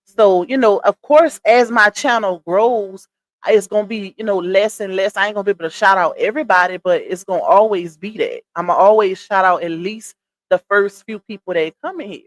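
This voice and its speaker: A woman's voice: mid-range voice, moderate pace. Chatty Southern woman live streamer. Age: 30s. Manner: chatty, shouts out viewers by name, reads comments aloud; laughs often, Southern slang like "child" and "y'all". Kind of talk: casual live stream chat.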